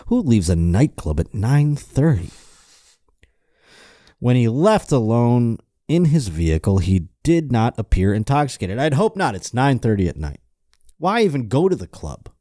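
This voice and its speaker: Sardonic, profane man with a dark voice. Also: medium pitch, sing-song, a little slow, no room sound, clean studio sound. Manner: profane, sardonic, riffing while reading articles aloud. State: running low on energy. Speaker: podcast host. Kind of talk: casual comedic podcast chat.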